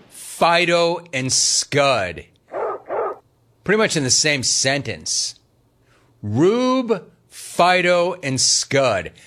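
A man's voice: mid-range voice, fairly bright tone. A middle-aged man hosting a radio call-in show, teasing callers and riffing on their words. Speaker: sports radio host.

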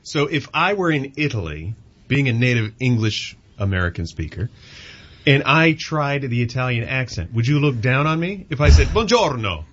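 A male radio co-host with a husky voice and lively pitch, curious and joking. The sound is slightly muffled. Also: moderate pace. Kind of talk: casual radio chat.

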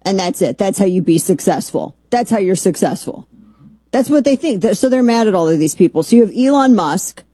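A woman hosting a political talk radio show from a studio, sarcastic and animated, with rambling asides. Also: medium pitch, brisk, slightly rough, no room sound. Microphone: studio microphone.

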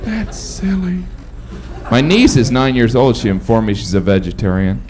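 A male stand-up comedian working a live room, his voice bouncing up and down as he jumps between jokes and mock voices. Steady room noise hums under him throughout. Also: medium pitch, normal speed. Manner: animated, slipping into mock voices for the bits.

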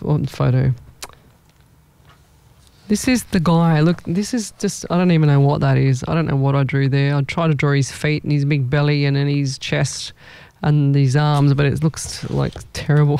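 Psychic host, rambling live-stream readings, warm and smooth. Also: medium pitch, fairly even intonation, measured pace, dry recording. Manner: chatty, rambling, thinks aloud.

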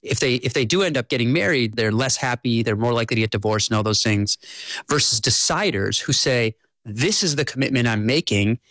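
A man, an author guest in an interview, explaining ideas in a measured, storytelling way. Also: mid-range voice, a bit bright, no echo. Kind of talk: conversational interview.

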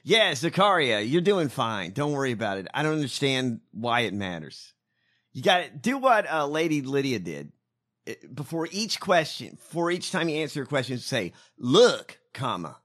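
A man's voice: medium pitch, sing-song, normal speed, fairly bright tone. A man hosting a casual commentary show, ranting in an incredulous, profane way. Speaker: podcast host.

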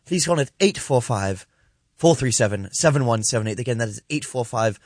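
A man co-hosting a comedic call-in show, with deadpan, mock-formal banter. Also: medium pitch, brisk, no echo, studio quality.

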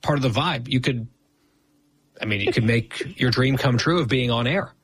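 Male co-host, husky tone, dry sarcastic banter, close and dead-sounding room. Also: mid-range voice, normal speed, no room sound. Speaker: podcast co-host. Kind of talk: casual banter.

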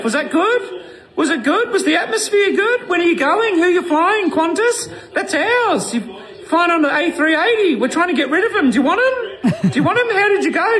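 A shrill, needy Australian sideline reporter in a played clip. The voice sits extremely high and swoops all over the place. It gushes and begs for approval. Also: male voice, a bit bright, exaggerated voice. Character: overeager gushing Australian sideline reporter, male adult.

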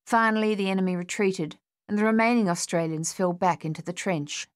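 A woman narrating an audiobook in a measured, steady storytelling manner. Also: mid-range voice. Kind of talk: scripted narration.

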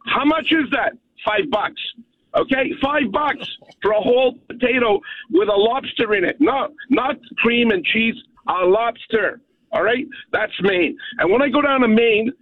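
A man's voice: extremely high pitch, no room sound. Ranting male caller on a tinny phone line. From Canada. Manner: emphatic, ranting, keeps asking "okay?". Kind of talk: call-in rant. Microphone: telephone.

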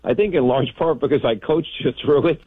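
A man who hosts a radio show, telling stories in a casual, animated talk-show conversation. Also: fairly high pitch, a little fast, husky, no echo. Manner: animated storytelling, broadcaster delivery. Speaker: radio host. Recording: tinny phone-like sound.

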